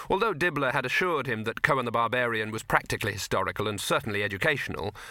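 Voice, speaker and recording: Male narrator, bright, dry close sound, wry storybook reading. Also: medium pitch, no room sound. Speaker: audiobook narrator. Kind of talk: scripted narration.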